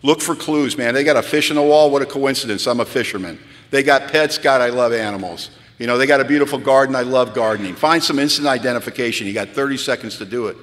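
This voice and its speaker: A man telling a self-mocking recovery story to an audience in a hall, animated and rising to high-pitched punchlines. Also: quick pace. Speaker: speaker sharing recovery story. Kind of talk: storytelling talk to a live audience. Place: large hall at a retreat. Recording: long reverb of a hall.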